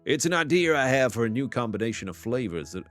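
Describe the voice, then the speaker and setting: A man putting on a genteel Southern gentleman chef, drawling slowly in a Southern American accent with easy confidence. The voice swings and lilts between phrases, with faint music under it. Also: medium pitch, sing-song, lightly acted. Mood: boastful. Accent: Southern American (put on).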